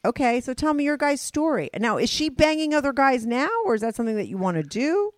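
A woman's voice: sits high, very animated, fast, dry recording, clean studio sound. A woman hosting a podcast, chatting casually and laughing easily. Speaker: podcast host. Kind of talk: casual chat.

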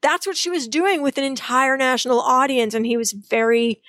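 A woman co-hosting a history podcast, telling the story in a chatty, animated way with playful asides. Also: a little high, brisk, hardly any pauses, no echo. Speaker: podcast co-host.

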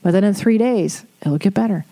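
A woman's voice: medium pitch, a little fast, dark tone. A middle-aged woman hosting an advice podcast, talking bluntly and casually, swearing and laughing as she rambles. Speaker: podcast host giving advice.

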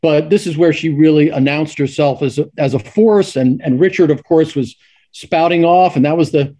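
A man's voice: on the high side, moderate pace, mellow. A middle-aged man, a sportswriter guest, telling stories casually with many restarts and fillers. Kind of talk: casual storytelling.

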